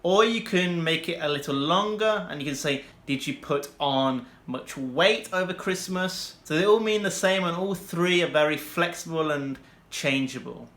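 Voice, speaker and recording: A young man teaching vocabulary to learners, slowing down for example sentences and speeding up for quick asides. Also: fairly high pitch, fairly bright tone, reverberant. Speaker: English teacher.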